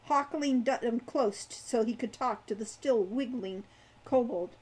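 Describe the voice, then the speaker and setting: A woman reading her own young adult fantasy novel aloud in a lively storytelling way. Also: a little high, measured pace, slightly rough. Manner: animated narration.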